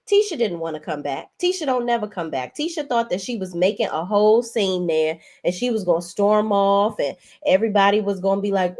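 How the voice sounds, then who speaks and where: Sassy, animated woman recapping reality TV. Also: mid-range voice, a little fast, few pauses. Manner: sassy, profane, emphatic. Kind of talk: casual profane commentary.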